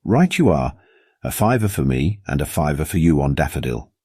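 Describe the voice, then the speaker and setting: A man's voice: rumbling low, very animated, moderate pace, warm tone, slightly rough, no room sound, clean studio sound, full character voice. A man voicing a jovial middle-aged uncle who teases and laughs at his nephew in a storybook reading. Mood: hearty. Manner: hearty, teasing.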